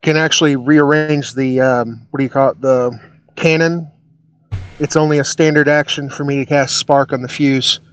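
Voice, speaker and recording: A man's voice: mid-range voice, fairly even intonation, moderate pace, clean tone. A man playing a tabletop game, talking hesitantly with many fillers. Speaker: player.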